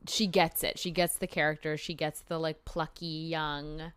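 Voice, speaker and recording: A woman co-hosting a podcast in casual chat, giving frank, measured opinions. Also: low voice, level tone, fairly bright tone, smooth, dry recording. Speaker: podcast co-host.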